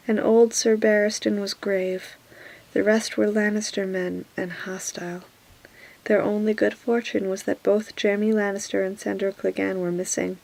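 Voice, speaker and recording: Woman reading in a gravelly whisper. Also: mid-range voice, low-quality recording. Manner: soft whisper. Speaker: reader. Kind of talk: whispered role-play.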